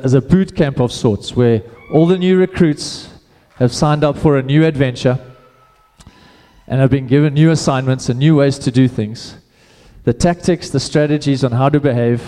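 Male pastor, relaxed and chatty delivery, mellow tone, church hall echo. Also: mid-range voice, moderate pace. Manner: casual, conversational preaching with repeated restarts. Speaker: preacher. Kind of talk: sermon.

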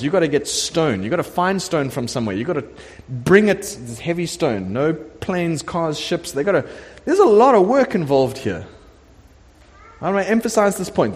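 A middle-aged man preaches to his church with a slightly high voice, and a long hall reverb trails behind his words. He tells the story in an animated way and slips into the voices of the characters as he goes. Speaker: pastor. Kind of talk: sermon. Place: church sanctuary.

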